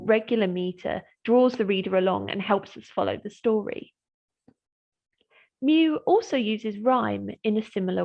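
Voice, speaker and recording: Woman lecturer, scripted lesson, measured and clear, some vocal fry, lo-fi sound. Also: medium pitch. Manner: clear, measured explanatory delivery, slowing to read verse aloud. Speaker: English literature lecturer.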